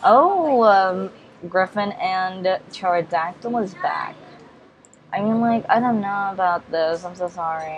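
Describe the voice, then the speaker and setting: Slow, hesitant young woman vlogging. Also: fairly low pitch, slight background noise. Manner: hesitant and rambling, many ums and self-corrections; apologetic, repeats polite refusals. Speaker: gaming vlogger. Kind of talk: casual game commentary.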